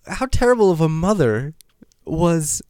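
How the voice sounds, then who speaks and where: A man co-hosting a podcast, chatting casually, laughing often and thinking out loud. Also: a little high, big pitch swings, clear, resonant tone, no room sound, clean studio sound. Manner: laughs often, drawn-out musing. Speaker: podcast co-host. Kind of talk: casual chat.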